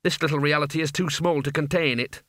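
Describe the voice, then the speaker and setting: A man's voice: a little high, fairly even intonation, fast talker, a bit bright, lightly acted. A man doing a solemn fussy wizard. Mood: brisk. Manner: solemn, soothing.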